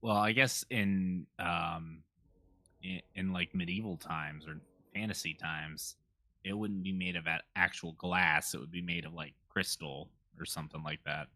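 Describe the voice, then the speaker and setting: Low voiced guy with a tense bright edge, tabletop player, kinda hesitant. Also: steady tone, a little slow, no echo, clean studio sound. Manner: hesitant, explaining with fillers. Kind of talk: casual tabletop game chat.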